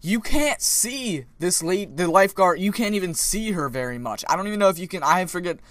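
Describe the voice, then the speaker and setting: A young man vlogging casually, retelling a story in a rambling, animated way with many restarts. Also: high-pitched, brisk, no room sound.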